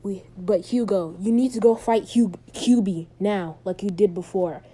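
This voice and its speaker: A woman voicing a stern male dragon in a fan retelling, in a flat, terse read. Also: mid-range voice, moderate pace, husky, close to an everyday voice. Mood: commanding. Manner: flat, barely acted, terse.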